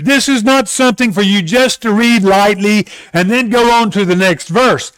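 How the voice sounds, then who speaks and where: A man preaching a sermon, who talks earnestly and slows right down to stress the verses he quotes. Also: sits high, a bit bright, clean tone, dry recording, rough recording.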